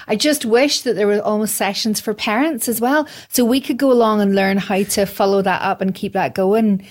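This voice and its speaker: A woman with a voice of average pitch hosts a relaxed conversation. She talks eagerly and warmly about her topic and sometimes restarts a phrase midway. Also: normal speed. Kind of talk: casual chat.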